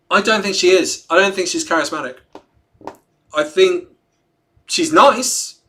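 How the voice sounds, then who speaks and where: A man with a bright, forceful, somewhat high voice hosts a casual livestream. He reads a written statement aloud, then breaks off to joke with viewers and laughs often, in an easy, chatty way. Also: takes it slowly. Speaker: livestream host.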